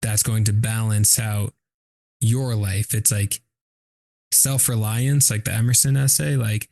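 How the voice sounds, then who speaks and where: A man's voice: on the low side, flat delivery, a little slow, creaky, warm tone, no echo, clean studio sound. A man co-hosting a podcast in casual, thoughtful chat, talking loosely with many "like"s and "you know"s. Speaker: podcast co-host.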